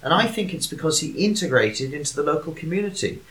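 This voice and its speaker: A man's voice: on the high side, expressive, fast, a bit bright. A man hosting a casual talk show, chatty and steering the discussion. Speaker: podcast host. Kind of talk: casual chat.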